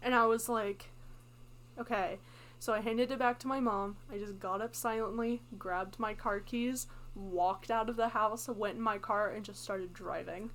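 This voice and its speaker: A woman's voice: medium pitch, fairly even intonation, measured pace, a bit bright. A young woman co-hosting a casual podcast chat, telling a story in a chatty way and laughing easily. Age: young adult. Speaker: podcast co-host.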